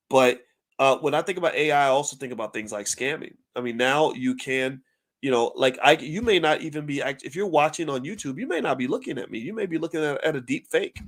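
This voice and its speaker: A middle-aged man giving casual commentary straight to camera, animated and often repeating words as he works through a thought. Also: a little high, fast talker. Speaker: finance commentator.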